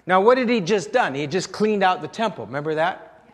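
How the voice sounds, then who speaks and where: A man's voice: sits high, lively intonation, fairly quick, big-room sound. A male pastor preaching a sermon in a conversational, storytelling way, often chuckling.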